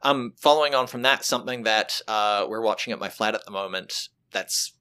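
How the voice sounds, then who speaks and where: A man's voice: fairly low pitch, fairly quick, bright, forceful tone, clean tone. A man with a New Zealand accent hosting a casual podcast chat, talking animatedly about comedy shows. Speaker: podcast host.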